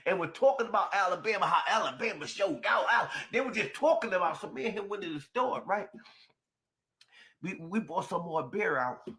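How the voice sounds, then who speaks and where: A man tells a personal story with real animation, his fairly high voice rising and falling all over the place. His tone is bright and forceful, and he talks emphatically, dropping quiet before bursting out loud. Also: fairly quick. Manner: emphatic, expressive, swings from quiet to shouting. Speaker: storyteller in a shared video.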